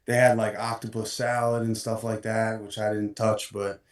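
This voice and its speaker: Man, 20s, guest, low voice, hesitant with lots of ums, roomy echo, off-mic. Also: normal speed, far from the mic. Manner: relaxed, hesitant, lots of ums while searching for words. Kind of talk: casual chat. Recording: roomy sound from farther off the mic.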